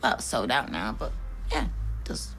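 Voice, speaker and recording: A woman's voice: extremely low pitch, expressive, moderate pace, fairly bright tone, slight background noise. A woman with a Northern English accent in a television soap drama, talking in a dry, teasing way.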